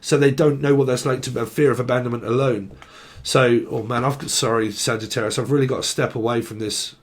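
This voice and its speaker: A man's voice: mid-range voice, fairly even intonation, a little fast. A man giving a solo tarot reading, rambling and full of fillers. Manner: rambling, heavy on fillers, acts out quoted messages. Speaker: tarot reader.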